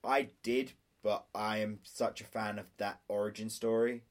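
This young man co-hosts a podcast, joking through casual chat in a lowish voice at a moderate pace. He's animated and jokey, dropping swear words to land his punchlines.

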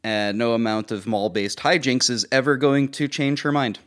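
A man's voice: mid-range voice, fairly even intonation, moderate pace, fairly bright tone. A man co-hosting a casual podcast, recapping a movie's plot with sarcastic, sweary asides. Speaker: podcast co-host.

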